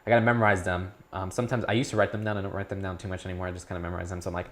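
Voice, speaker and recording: A young man in his teens talking casually as an interview guest, rambling with restarts and perking up when excited. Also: low-pitched, rapid-fire. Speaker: YouTube creator, guest.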